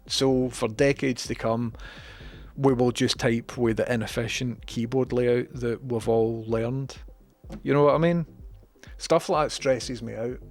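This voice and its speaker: Scottish guy streaming, chatty and sweary, bit of a cold, quiet music behind. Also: mid-range voice. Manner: chatty, swears casually, reads chat aloud. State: has a cold. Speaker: livestreamer reading chat. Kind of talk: casual stream chat.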